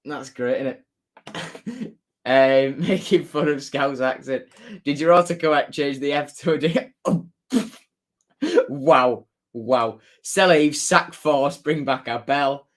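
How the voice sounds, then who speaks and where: A chatty man talks casually on a live stream, reading viewer comments aloud. His voice sits a little high for a man. He laughs easily and tends to say things twice. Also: takes it slowly. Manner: chatty, laughs often, repeats his phrases. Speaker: football fan streamer.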